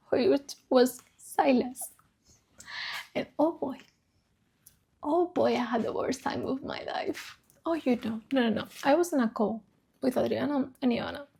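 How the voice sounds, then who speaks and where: A book vlogger chats casually about books she has read, speaking emotionally, swearing freely and repeating herself. Her voice is high-pitched and gravelly, with a dark tone and a breathy edge.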